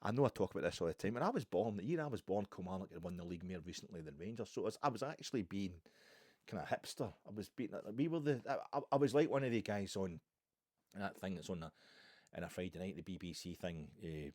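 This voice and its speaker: A Scottish man from Ayrshire rattles through a solo football chat at a quick clip, his voice sitting fairly low. He wanders into animated asides and restarts often. The recording is close and dry, with no room sound. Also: dry recording. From Ayrshire, Scotland. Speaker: football podcast host.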